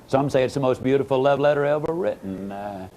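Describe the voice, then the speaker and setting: A man giving a motivational speech, telling a story with dramatic swings between emphatic and hushed phrases. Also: medium pitch, lively intonation, brisk, slight background noise. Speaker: motivational speaker.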